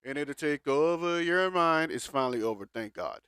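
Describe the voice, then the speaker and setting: A man's voice: fairly high pitch, expressive, moderate pace, fairly bright tone, smooth, no echo. A man co-hosting a podcast in casual chat, rambling and throwing in teasing jokes. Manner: joking, rambling, teasing interjections. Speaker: podcast co-host. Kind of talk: casual pop-culture chat.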